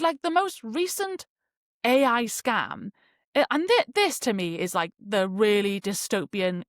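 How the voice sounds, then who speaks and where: A young woman talks through her podcast in a loose, chatty way, leaning on fillers and quick asides. Her voice sits at an ordinary middle pitch. The sound is dry and close, with no room around it. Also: no echo. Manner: chatty, animated, many fillers like "like". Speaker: podcast host. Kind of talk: casual solo podcast talk.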